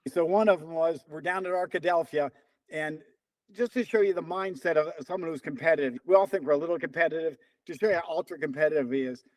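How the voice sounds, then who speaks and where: A former runner around seventy, interviewed as a guest, talks fast in a slightly high voice, telling casual stories with animation and acting out the lines of the people in them. The recording is dry and rough.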